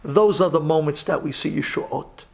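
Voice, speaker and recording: A man's voice: a little high, moderate pace, creaky. A man, a rabbi, tells a sermon story with drama, dropping to whispers at tense moments.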